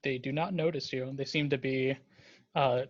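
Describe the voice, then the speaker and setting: A man's voice: mid-range voice, steady tone, normal speed, no echo. A man running a tabletop game as dungeon master, narrating loosely with many fillers. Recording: dull lo-fi dry sound.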